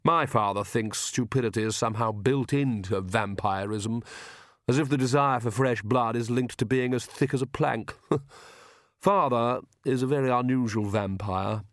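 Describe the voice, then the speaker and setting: Here a man reads as a smug young gentleman vampire, fussy and slightly mocking, drawling with smooth, lazy amusement at a moderate pace. His middling pitch stays close to an everyday voice, and the dry recording sounds close.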